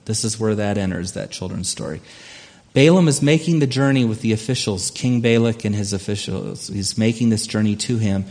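A man's voice: lowish voice, a little mellow. A man preaching a sermon, retelling a scripture story in a conversational way and acting out the characters. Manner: conversational storytelling, acts out voices. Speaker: pastor.

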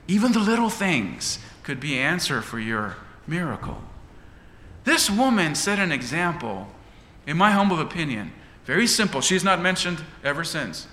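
Male preacher, lively and bright, dramatic sermon delivery; echoey church hall. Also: fairly high pitch, moderate pace, a little hiss or hum. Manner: dramatic, rising and falling delivery.

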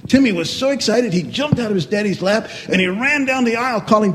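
A man telling a lively story to children as a children's sermon, asking them questions along the way. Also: sits high, normal speed, a little hiss or hum.

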